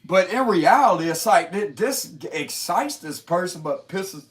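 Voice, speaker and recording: Lively high-voiced man doing a slangy tarot reading. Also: a little slow, breathy edge. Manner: blunt, slangy and profane, laughing often. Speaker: tarot reader. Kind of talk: casual tarot reading monologue.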